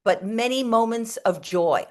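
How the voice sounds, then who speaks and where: A middle-aged woman from the United States, telling animated, profane stories in a casual interview, with lots of restarts. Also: a little high, a little slow. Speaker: interview guest, comedic performer.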